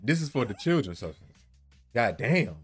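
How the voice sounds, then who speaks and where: A man's voice: medium pitch, normal speed, slightly rough, soft background music. A young man telling stories in a casual podcast chat, slangy and profane, with a desk microphone. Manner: animated storyteller, slangy and profane.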